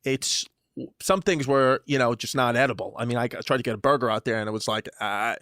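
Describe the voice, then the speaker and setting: A man's voice: mid-range voice, a little fast, a bit bright, dry recording, studio quality. A man co-hosting a comedy podcast, telling stories in a playful, rambling way with many fillers. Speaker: podcast co-host. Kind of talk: casual comedic banter.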